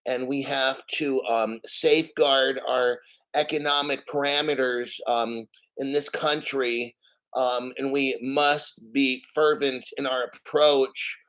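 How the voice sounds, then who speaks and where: A man putting on an impression of a prim woman treasury official, speaking slowly and stiffly formal. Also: mid-range voice, steady tone, fairly bright tone, poor audio. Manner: slow, measured, stiffly formal.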